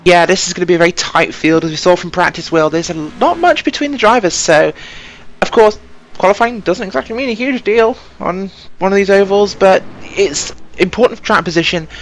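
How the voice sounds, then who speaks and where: A woman's voice: medium pitch, fairly quick, slight background noise. A woman co-commentating an online sim race, easygoing with dry humour.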